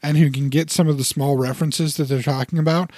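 A man's voice: on the high side, fairly even intonation, fast talker, a little mellow, no echo, studio quality. A man co-hosting a casual podcast chat, explaining things at length with frequent restarts. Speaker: podcast co-host.

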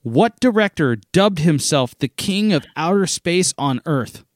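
Lively laughing man quizzing a friend. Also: fairly high pitch, a little slow, no echo, clean studio sound. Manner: animated, laughs often. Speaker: trivia co-host. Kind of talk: casual trivia chat.

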